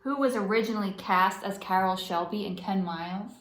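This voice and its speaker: A woman's voice: mid-range voice, a little fast, fairly bright tone. A young woman, a comedian hosting the show, quizzing her father with playful, teasing banter. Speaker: comedian host. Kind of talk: comedic interview. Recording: roomy echo.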